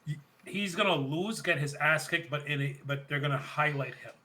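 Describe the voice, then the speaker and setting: Bright-voiced man in podcast banter. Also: on the high side, poor audio. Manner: animated, quotes people in quick bursts, laughs often. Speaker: podcast co-host. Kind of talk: casual chat recapping wrestling.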